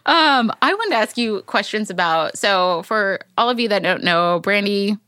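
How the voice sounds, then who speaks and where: Woman podcast host, 30s, bright, giggly and teasing, dry close studio sound. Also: mid-range voice, lively intonation, normal speed, smooth, no echo. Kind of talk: casual chat.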